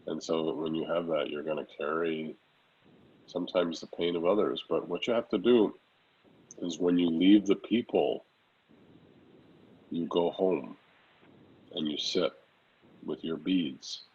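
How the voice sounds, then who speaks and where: Husky deep-voiced man teaching gently. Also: a little slow, long pauses, highs cut off. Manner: gentle, repeats phrases and chants. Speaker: Sufi teacher. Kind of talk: spiritual teaching in Q&A.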